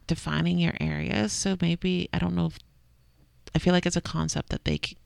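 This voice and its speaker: A woman's voice: on the low side, steady tone, moderate pace, vocal fry, no room sound. A woman in her thirties chatting casually as a parent of a toddler, laughing often and acting out what others say. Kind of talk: casual chat.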